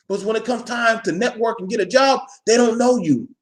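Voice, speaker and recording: Ranting live to his viewers, a vlogger whose voice is high for a man preaches bluntly and curses freely, pounding the same point repeatedly like a street-corner lecture. He goes a little fast with few pauses.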